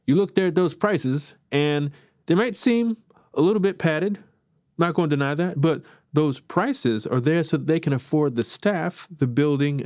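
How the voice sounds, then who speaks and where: A man's voice: on the high side, a little mellow, no echo, clean studio sound. Chatty man rambling through a review. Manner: chatty and rambling, self-described as opinionated. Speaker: podcast host. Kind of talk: casual film review monologue.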